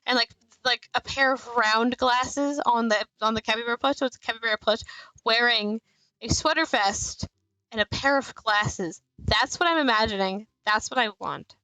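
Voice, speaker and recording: A woman's voice: on the high side, moderate pace, sharp tone, clear, resonant tone, no echo, low-quality recording. A woman streamer chatting and rambling in asides while playing a story game live.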